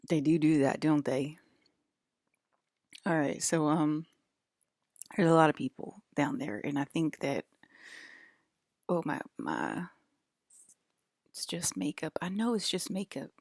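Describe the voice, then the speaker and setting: Woman, Southern accent, low voice, rambling vlog monologue, dry close sound. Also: lively intonation, slow pace, pauses often, a little mellow, dry recording. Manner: rambling, swearing, paranoid asides. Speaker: vlogger.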